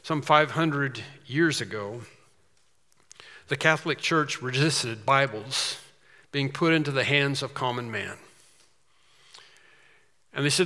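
A man preaching a sermon, slow and emphatic with quicker asides. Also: a little high, bright, forceful tone, in a large hall.

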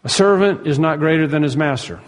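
A man preaching a sermon, emphatic, rising to loud peaks and dropping to hushed asides. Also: a little high, fairly quick, long reverb tail. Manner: emphatic, swings between soaring and hushed. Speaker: pastor.

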